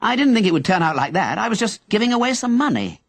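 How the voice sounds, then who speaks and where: A giddy, cheerful man in a storybook, shouting happily and then apologizing sheepishly. A man performs him with a high, wide-swinging pitch and a husky tone. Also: big pitch swings, fast, no echo, heavily acted. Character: giddy rich man flinging money, eager and apologetic.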